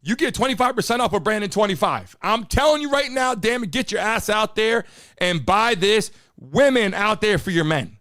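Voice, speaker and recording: A man hosting a live streamed talk show, brash and profane, a little hoarse as he talks to his chat. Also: high voice, animated, normal speed, fairly bright tone. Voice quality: a bit hoarse, froggy. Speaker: host of a live call-in show.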